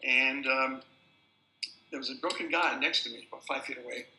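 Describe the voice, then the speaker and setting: An older man, a film director, telling anecdotes at a festival introduction as a lively storyteller who repeats words at restarts. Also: mid-range voice, fairly quick. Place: festival screening venue. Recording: roomy hall sound.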